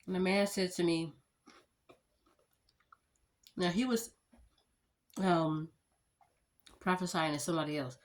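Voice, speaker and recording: A woman's voice: lowish voice, steady tone, slow, pauses often. A woman in her thirties chatting casually to her viewers, rambling through storytime anecdotes and addressing them as y'all. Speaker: vlogger.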